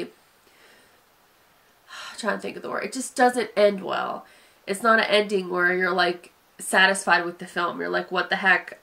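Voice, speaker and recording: A woman's voice: medium pitch, sharp tone. A woman with a sniffly nose giving a casual, hesitant spoken film review, sighing and wandering through her points with many fillers. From Southern United States. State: sniffly from allergies.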